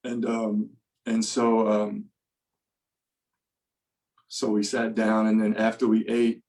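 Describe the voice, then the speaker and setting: A man, a podcast guest, casually telling a story in an animated way, laughing often and filling his talk with "like" and "you know". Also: lowish voice, slow, poor audio.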